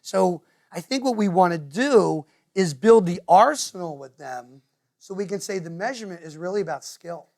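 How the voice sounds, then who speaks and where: A man with a New Jersey accent, speaking to parents in a meeting room and telling stories with quick impressions of other people. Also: high voice. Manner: animated storyteller, quick to mimic others. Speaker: guest speaker. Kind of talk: lively talk to parents. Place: meeting room with a live audience.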